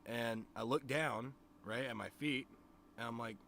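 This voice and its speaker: A man's voice: mid-range voice, steady tone, measured pace, creaky, bright, forceful tone, slight background noise. A man streaming to his chat, telling a rambling story in a casual, profane way, with lots of "you know what I mean.". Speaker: streamer and musician.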